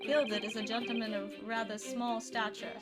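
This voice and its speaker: A woman's voice: on the high side, steady tone, normal speed, close to an everyday voice. A woman voicing a plain-spoken witness giving matter-of-fact testimony. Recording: loud game music behind.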